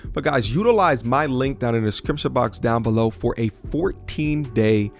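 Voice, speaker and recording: A man's voice: mid-range voice, animated, moderate pace, gravelly, faint music behind. A man hosting a casual commentary channel who talks straight to his viewers in a blunt, incredulous way, recorded close in a home studio.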